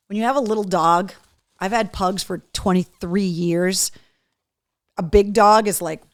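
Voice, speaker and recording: A woman's voice: medium pitch, measured pace. A woman hosting a live talk show, chatting casually while opening gifts and cooing at a dog. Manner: animated, coos and baby-talks to a dog.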